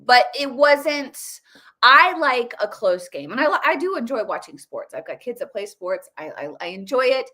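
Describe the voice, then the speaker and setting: A middle-aged American woman hosting casual political commentary, talking excitedly with frequent repeats and restarts. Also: fairly high pitch, moderate pace.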